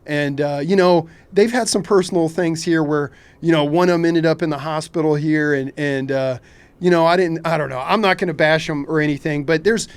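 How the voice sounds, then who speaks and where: A man's voice: a little high, brisk, clear, resonant tone. A man from Kentucky, a fishing captain, talking bluntly and rambling in a casual podcast interview. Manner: blunt, candid, says he has no filter; rambling, repeats "man" and "you know".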